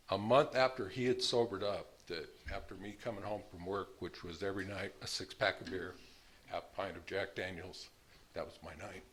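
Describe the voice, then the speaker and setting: A man in his sixties shares his recovery story, telling it bluntly and plainly and now and then laughing at his past. His voice is low-pitched with a fairly bright tone.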